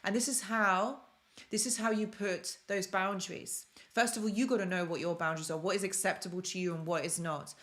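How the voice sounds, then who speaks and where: This young Londoner runs a relaxed self-help live stream, responding to viewer comments and echoing phrases for emphasis. Her mid-range voice is a bit bright and steady, and she talks fairly quickly.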